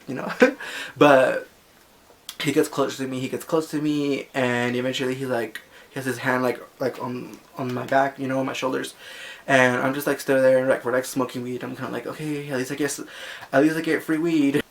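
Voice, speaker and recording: A man's voice: medium pitch, level tone, brisk, vocal fry. A young man telling a personal story in a chatty, sassy way, full of filler words. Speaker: vlogger. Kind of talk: casual storytime.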